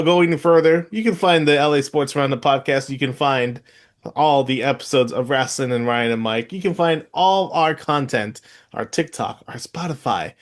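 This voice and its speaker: A middle-aged man co-hosting a podcast, arguing hotly and incredulously, his voice jumping up in loud outbursts. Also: mid-range voice. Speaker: podcast co-host. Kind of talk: heated casual podcast debate.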